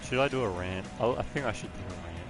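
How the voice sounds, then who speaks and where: This lowish-voiced Australian man talks fast over loud background music while livestreaming a game. His commentary is casual and chatty, often rambling into rants.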